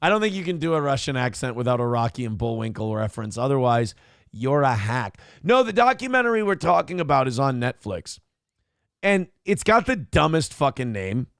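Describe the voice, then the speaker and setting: A man's voice: mid-range voice, big pitch swings, brisk, no room sound, studio quality. A man co-hosting a morning talk show, trading crude jokes and mock voices in casual banter. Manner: profane, jokey, does mock voices. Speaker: co-host.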